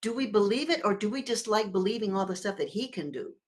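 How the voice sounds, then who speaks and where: A woman minister giving a sermon in a conversational, expressive way, swelling and dropping her volume and leading the congregation in repeating words together. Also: medium pitch, fast talker. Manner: expressive with sudden swells and drops in loudness.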